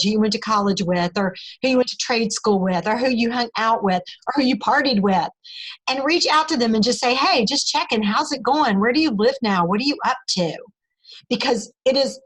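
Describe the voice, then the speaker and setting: A woman's voice: a little high, fairly bright tone, low-quality recording. A woman leading a team call, talking in an upbeat, encouraging, rambling way while losing her voice.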